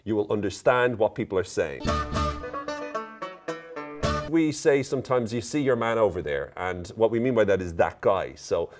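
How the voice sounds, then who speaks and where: This is an Irish man with a deep, low-set voice, giving a casual to-camera explainer of everyday Irish expressions. He keeps it light and teasing, breaking into laughter at his own jokes. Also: animated, normal speed, pauses often, music in the background. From Ireland. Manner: playful, jokey, laughs at himself. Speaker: presenter explaining Irish slang.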